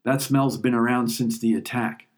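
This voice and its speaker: A man voicing a calm, kind middle-aged male commuter who talks plainly and gently, with quiet intensity. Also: mid-range voice, moderate pace, close to an everyday voice.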